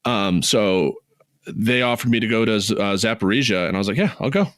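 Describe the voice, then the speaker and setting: A man co-hosting a podcast, telling a travel story in casual chat, swearing freely, his voice jumping high when he gets excited. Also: fairly quick, clean tone, dry recording, studio quality. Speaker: podcast co-host.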